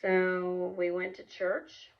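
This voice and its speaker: A woman's voice: on the low side, completely flat delivery, slow pace, highs cut off. A woman in her thirties casually telling a personal story, chatty, with frequent fillers, restarts and laughs. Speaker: vlogger, single mom.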